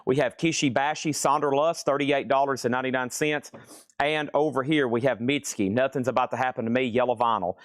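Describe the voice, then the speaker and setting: A man's voice: medium pitch, fairly even intonation, fairly quick, dry recording, clean studio sound. A man selling vinyl records in a live-streamed auction from a record store, chatting and joking between calling out prices. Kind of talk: live auction sales patter.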